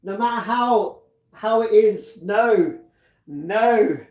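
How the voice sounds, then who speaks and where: Insistent scolding man, higher pitched, repeating himself, as a man puts him on. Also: drawn-out words, a little mellow, roomy sound, lo-fi sound.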